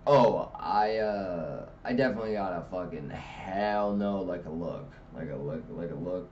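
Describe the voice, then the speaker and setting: A man rambles through a raunchy story, swearing freely and jumping into loud, high acted-out quotes. He sits a little off the mic, and the recording sounds dull and lo-fi under a faint hiss. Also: measured pace, hardly any pauses, far from the mic. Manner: rambling, profane, animated, acts out quotes with loud pitch jumps. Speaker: comedy storyteller. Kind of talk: casual storytelling monologue.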